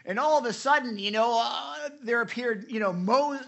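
A preacher giving an animated devotional sermon, retelling scripture with many repeated starts and asking listeners direct questions. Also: mid-range voice, moderate pace, vocal fry, highs cut off.

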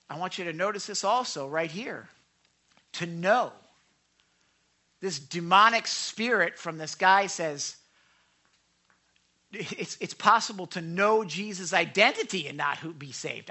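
Bright-voiced animated preaching man. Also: high voice, unhurried, breathy edge. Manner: lively, emphatic, checks in with listeners. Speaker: pastor teaching a youth group. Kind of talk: animated sermon. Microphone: microphone.

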